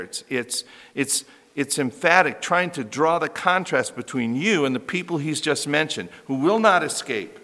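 A man's voice: mid-range voice, a bit bright. A man preaching an expository sermon as pastor, emphatic and repeating key phrases for stress, recorded in a church hall.

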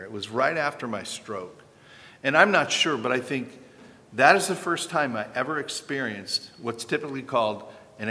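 Bright-voiced male pastor preaching in a reverberant church. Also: medium pitch. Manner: earnest, emphatic preaching with sudden loud peaks. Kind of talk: sermon. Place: church sanctuary. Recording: long hall reverb from a church.

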